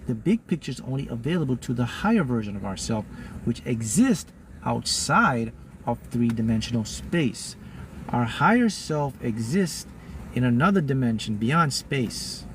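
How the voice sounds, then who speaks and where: A man teaching manifesting to a live audience in an emphatic, repetitive style, often jumping into loud, high-pitched bursts. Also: very animated, moderate pace, slight background noise. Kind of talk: motivational talk to a live audience.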